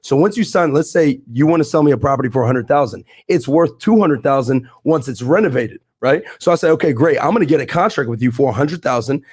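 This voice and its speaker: A man's voice: medium pitch, expressive, a little mellow, breathy edge, dry recording. A young man, a podcast guest, telling his story and explaining deals in emphatic, slangy casual talk. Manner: fast, emphatic, street slang. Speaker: podcast guest, real estate investor.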